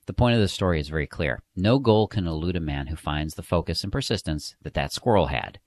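A man's voice: sits low, animated, brisk. A man reading scripted dating advice in an emphatic, direct, motivational way. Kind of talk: scripted instructional narration.

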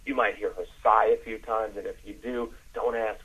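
A man coaching listeners on a podcast, dropping his voice low to demonstrate as he explains. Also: steady tone, normal speed, a bit bright, breathy edge, rough recording. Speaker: dating coach. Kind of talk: instructional podcast talk.

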